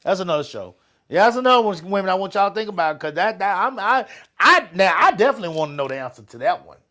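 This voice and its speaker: Man, middle-aged, casual talk, swearing, voice jumps up and down a lot, slightly high. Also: fast. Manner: animated, swearing, swings between loud outbursts and quiet asides. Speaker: podcast co-host. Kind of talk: casual chat with listeners.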